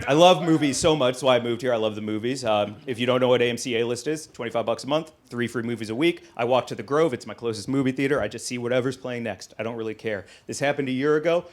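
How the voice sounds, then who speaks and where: A man doing a stand-up set, telling a story in an animated way that gets louder and higher at the punchlines. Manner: animated storytelling, rising loud and high at punchlines. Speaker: stand-up comedian. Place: comedy club stage with live audience.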